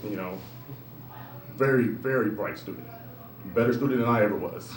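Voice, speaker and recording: A tearful man speaking as a proud father and coach, halting and heartfelt, at a school ceremony. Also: lowish voice. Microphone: handheld microphone. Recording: echoey noisy room.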